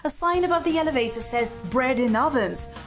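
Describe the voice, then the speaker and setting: A woman's voice: sits high, expressive, fairly quick, faint music behind. A woman, hosting a scripted countdown with playful, wry commentary. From Russia. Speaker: host.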